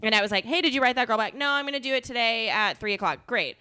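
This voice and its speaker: A woman's voice: fairly high pitch, quick pace, sharp tone, clear, resonant tone. A woman chatting as a guest on a podcast, laughing a lot and mimicking others in big exaggerated voices. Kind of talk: casual podcast banter.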